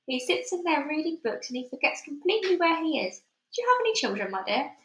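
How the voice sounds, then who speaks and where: A woman voicing a calm, loving elderly grandmother, heard in an echoey room. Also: sits high, fairly quick, slight background noise, voice pushed up. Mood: affectionate. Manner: warm, calm. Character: loving, cool-headed old grandmother.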